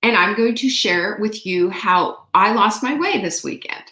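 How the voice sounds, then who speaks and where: A woman hosting a casual motivational talk, telling a story in an animated way and acting out quotes. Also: mid-range voice, a little slow, reverberant. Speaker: host.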